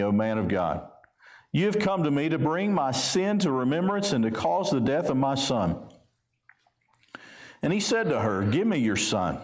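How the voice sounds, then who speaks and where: Southern man preaching in an echoey church. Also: medium pitch. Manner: reads scripture aloud and comments conversationally. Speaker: pastor. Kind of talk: sermon with scripture reading. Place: church sanctuary. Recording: roomy church echo.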